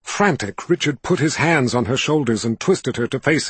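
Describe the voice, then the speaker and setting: Male audiobook narrator, measured storytelling, husky, dry close sound. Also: medium pitch, lively intonation, no room sound.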